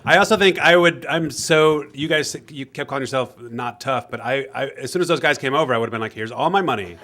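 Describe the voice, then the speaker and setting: A man's voice: mid-range voice, a little fast, pushed and bright. A man hosting a live story slam, chatting and joking self-deprecatingly between acts. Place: stage at a live event.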